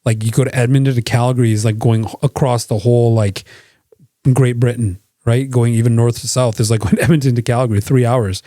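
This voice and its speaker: Mellow-voiced man chatting on a podcast. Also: medium pitch, steady tone, a little fast, dry recording, clean studio sound. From Canada. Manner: chatty, explains with comparisons, fillers like "like" and "you know". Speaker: podcast co-host. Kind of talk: casual chat.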